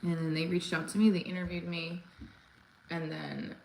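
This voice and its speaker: A woman's voice: lowish voice, flat delivery, moderate pace, creaky, darkish tone. A woman in her forties chatting casually on a livestream from home, rambling with lots of fillers and restarts. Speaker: comedian livestream host. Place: home room. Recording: echoey room with faint ambient noise.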